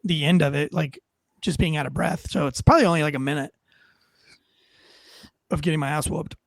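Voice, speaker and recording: A somewhat high-pitched man with a gravelly edge to his voice tells cop stories in a blunt, profane, self-mocking way. The sound is close and dry, with no room to it. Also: steady tone, a little fast, no room sound. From United States. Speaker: former police officer turned comedian, guest. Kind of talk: casual storytelling interview.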